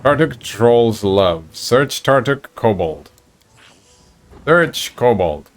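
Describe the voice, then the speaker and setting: A man voicing an ancient male kobold elder who is calm and wise and speaks in halting, broken, hissing words. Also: mid-range voice.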